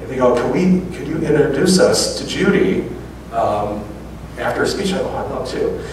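A male lecturer spins a personal anecdote, acting out each person's lines as they come up. He sits at an ordinary middle pitch. The voice reaches us from a distance, wrapped in heavy hall reverb with faint noise underneath. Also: moderate pace. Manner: animated anecdotes with quoted dialogue. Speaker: public speaker. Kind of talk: storytelling lecture. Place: large auditorium. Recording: very echoey hall from far off.

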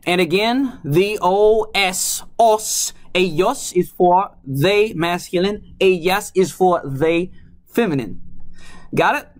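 A language teacher giving a casual lesson, slowly repeating words and drilling pronouns. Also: mid-range voice. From Louisiana.

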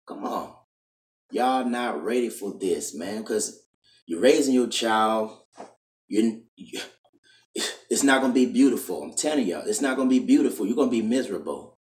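A man delivers a scolding, repetitive sermon to his viewers and keeps ending lines with "man". His voice is very low, and he sits away from the mic in a room with a strong echo. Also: darkish tone, recorded from a distance. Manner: scolding and insistent. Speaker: video preacher. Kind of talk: preachy monologue to camera.

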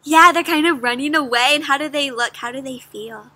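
A woman giving an interactive read-aloud for children, animated, with gasps and questions to her young listeners. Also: high voice, normal speed, few pauses, no room sound. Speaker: children's storyteller.

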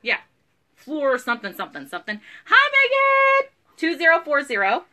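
A woman's voice: a little high, big pitch swings, a little fast, pushed and bright. Lady rambling on a live sale stream, giggly, voice jumping all over. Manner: bubbly, chatty, giggly, uses y'all. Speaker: live online clothing seller. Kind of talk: live sales stream chat.

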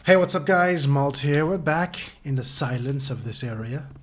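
A man hosting a casual let's play, talking excitedly to himself and swearing freely as he plays. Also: fairly high pitch, moderate pace. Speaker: gaming channel host.

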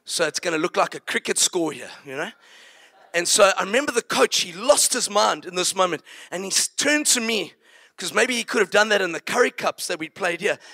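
A man preaching, telling a story in an animated way and acting it out. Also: sits high, creaky. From South Africa. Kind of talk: sermon storytelling.

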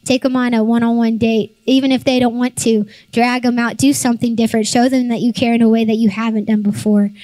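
A young woman pastor preaching a sermon, telling a lively family story and acting out the voices of her family. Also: a little high, fairly quick, few pauses, no echo, low-quality recording.

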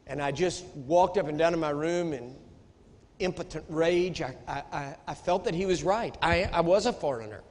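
An American man preaching a sermon, telling a story with emphatic storytelling that rises into outrage. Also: on the high side. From United States. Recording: echoey hall.

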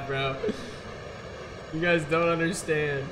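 A young man streaming a game live, excitable and trash-talking, shouting when he gets frustrated, on a gaming headset. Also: fairly high pitch, moderate pace, reverberant, noisy background.

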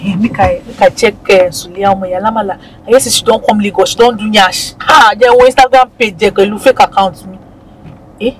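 A woman with a Nigerian accent acting a ride-hailing driver, expressive and gossipy, switching between Yoruba and pidgin. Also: medium pitch, a little fast, slight background noise, poor audio. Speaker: comedy skit creator playing a ride-hailing driver. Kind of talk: comedy skit acting.

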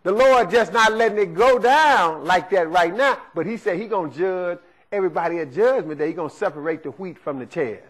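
A male preacher with a high-sitting voice moves briskly through a conversational sermon, repeatedly asking "right?" while teaching. The audio quality is poor.

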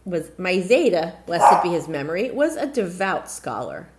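A woman voicing a kind, humble young servant girl in a storybook, earnest and gentle. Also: on the low side, big pitch swings, moderate pace, heavy background noise.

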